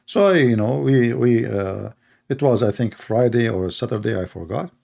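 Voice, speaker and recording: A man with a gravelly, dark voice talks in a casual monologue. He speaks emphatically and repeats himself as he tells his stories. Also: mid-range voice, expressive, normal speed. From Middle East. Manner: emphatic, repetitive, storytelling. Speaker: online commentator.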